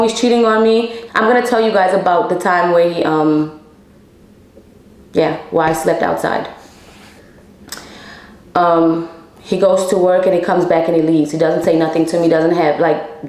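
A woman's voice: on the low side, steady tone, moderate pace, a little mellow, roomy sound, poor audio. A young woman telling a personal story to her viewers in a candid, emotional way, swearing freely and calling them y'all. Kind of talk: casual storytime.

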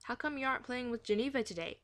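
A woman's voice: on the high side, animated, fast talker, fairly bright tone, no echo, voice pushed up. Woman reading as a plain matter-of-fact little boy, storybook reading.

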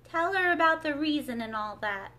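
A woman voicing the Mock Turtle in a storybook read-aloud, drawn-out and easily offended. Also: high-pitched, expressive, bright, forceful tone, voice pushed up. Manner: slow, drawn-out, touchy.

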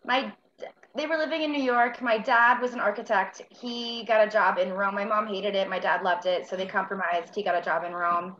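A woman's voice: mid-range voice, fairly even intonation, a little fast, a bit bright, lo-fi sound, a little hiss or hum. A woman from the American South, raised speaking both French and English, chatting casually as an actress guest and laughing often as she trails off with fillers. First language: French and English bilingual. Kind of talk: casual chat.

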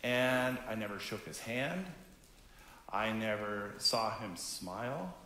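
A man in his fifties, a pastor from Canada, giving a gentle, conversational children's message during a church service. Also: lowish voice, lively intonation, slow pace, echoey room, slight background noise. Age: 50s. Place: church sanctuary.

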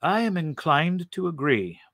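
A man voicing a timid, bewildered Martian man who speaks softly and hesitantly. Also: on the high side, very animated, unhurried, no echo, clean studio sound, full character voice. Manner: soft, hesitant, polite.

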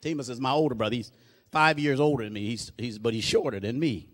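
A man preaching a sermon, often breaking in with "praise God", getting louder and slower on key lines and dropping low and soft for asides. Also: long reverb tail. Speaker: pastor.

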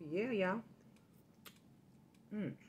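A woman hosting a casual food vlog, talking straight to her viewers and telling a story in a lively, chatty way. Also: medium pitch, drawn-out words, dull audio, a little hiss or hum. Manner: chatty, addresses viewers directly, animated storytelling. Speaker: food vlogger.

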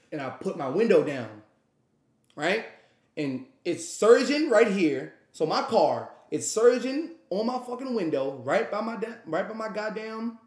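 A man's voice: sits high, a little mellow, echoey room. A man telling a wild story in a rambling, profane way, acting out what others said. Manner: profane, rambling, acts out quotes. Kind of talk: animated storytime.

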